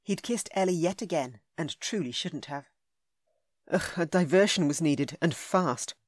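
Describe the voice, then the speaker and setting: A woman narrating a romance audiobook in a smooth, measured, intimate way. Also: deep voice, lively intonation, dry recording, clean studio sound. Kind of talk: scripted narration.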